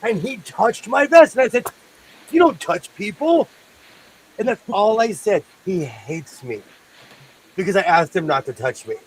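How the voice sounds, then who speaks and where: A man with an American accent talks in a casual group chat, his fairly high voice bouncing up and down with lots of life. He projects loudly and laughs a lot, over a faint hiss of background noise. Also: expressive, moderate pace, poor audio. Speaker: podcast co-host.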